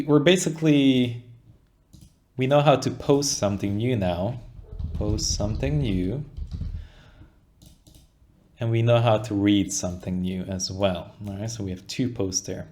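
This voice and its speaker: A man's voice: medium pitch, darkish tone. A young man explaining code in a casual walkthrough, thinking aloud and often checking in with "right?". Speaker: coding tutorial instructor. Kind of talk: casual screen-share coding walkthrough.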